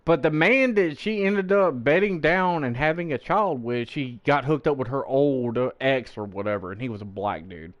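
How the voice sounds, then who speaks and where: While streaming a game, this man tells a story in a casual, profane, animated way, imitating the people he quotes. He speaks in a mid-range voice at a moderate pace with few pauses, and the recording sounds muffled.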